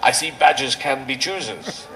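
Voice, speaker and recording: A man performing a stand-up routine on an outdoor rally stage, with a rambling, surreal, playful delivery full of quick asides. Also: medium pitch, lively intonation, a bit bright, slight background noise, rough recording. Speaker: stand-up comedian.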